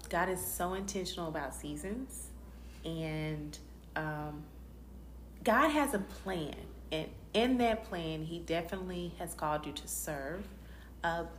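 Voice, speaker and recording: A woman with children, telling faith stories in casual chat, acting out quotes with lively swings. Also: lowish voice, slow. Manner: animated storyteller, acts out quotes. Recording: roomy echo, faint background noise.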